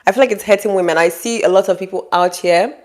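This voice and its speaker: A woman talking straight to her audience with relationship advice, bluntly scolding and acting out quoted people in high mock voices. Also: fast talker. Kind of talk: direct-to-camera advice monologue.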